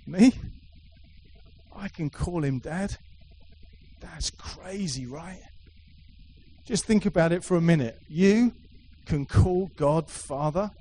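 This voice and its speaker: Man, middle-aged, sermon, emphatic, fairly high voice, faint background noise. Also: normal speed, hardly any pauses, dark tone, poor audio. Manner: emphatic, repetitive, playful asides. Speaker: preacher. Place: church hall with a live congregation.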